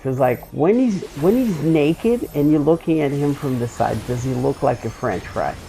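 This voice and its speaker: A man's voice: mid-range voice, lively intonation, normal speed, gravelly, mellow, soft background music, low-quality recording. A man streaming a game and telling rambling, joking anecdotes in a loose, profane, casual way. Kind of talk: casual storytelling while gaming.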